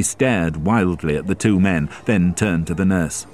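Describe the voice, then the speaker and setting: Slow deep-voiced male story narrator. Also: a little mellow. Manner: slow, careful, measured reading. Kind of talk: graded reader narration.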